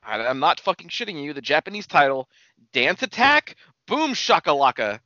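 A man's voice: fairly high pitch, huge pitch swings, normal speed, pushed and bright, no echo, lo-fi sound. A man co-hosting a casual podcast, laid-back and profane, reading out episode titles and stumbling over the pronunciation. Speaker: podcast co-host.

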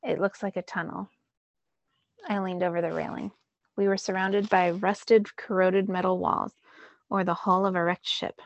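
A woman teacher reading a novel aloud in first-person narration, with lively emphasis. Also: fairly low pitch, normal speed, dry recording, dull audio.

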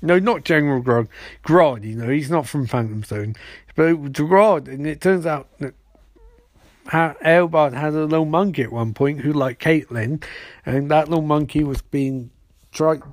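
A man's voice: on the high side, darkish tone, no echo. Rambling sarcastic podcast man. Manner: rambling, sarcastic retelling with quick voiced quotes. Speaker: podcast host. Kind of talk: casual episode recap.

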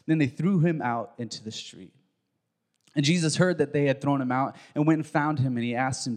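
Preacher in a reverberant hall. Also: male voice, on the high side, fairly quick. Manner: lively storytelling, voicing the characters in the reading. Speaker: pastor. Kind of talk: sermon with scripture reading.

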